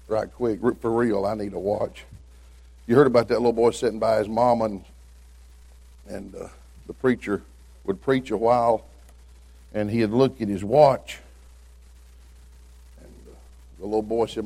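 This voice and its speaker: Folksy Tennessee preacher telling jokes. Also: male voice, fairly low pitch, a little slow, vocal fry, pauses often, warm tone, slightly rough. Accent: Southern American, Tennessee. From Middle Tennessee. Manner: folksy storytelling, acts out quoted voices. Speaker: visiting preacher. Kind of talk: sermon with humorous stories.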